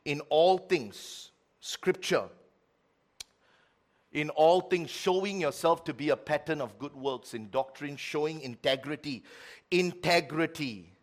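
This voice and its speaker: Pastor guy preaching, kinda high voice, gets loud then drops way down. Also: slow pace. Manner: animated preaching, swings from loud to quiet, acts out voices. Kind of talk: sermon.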